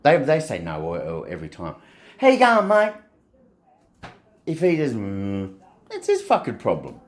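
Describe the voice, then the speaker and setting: A middle-aged man with an Australian accent, rambling in a casual, blunt and sweary monologue. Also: mid-range voice. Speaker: vlogger.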